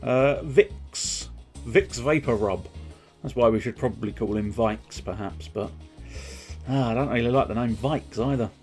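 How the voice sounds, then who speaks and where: A man's voice: medium pitch, unhurried, a little mellow, faint music behind. A man streaming a game playthrough, rambling and joking with casual swearing. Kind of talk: live game playthrough commentary.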